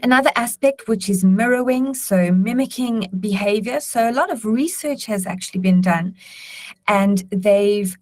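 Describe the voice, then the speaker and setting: Measured woman giving webinar advice. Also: medium pitch, darkish tone, low-quality recording. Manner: measured, explanatory, with frequent ums. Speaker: patient actor on a webinar panel.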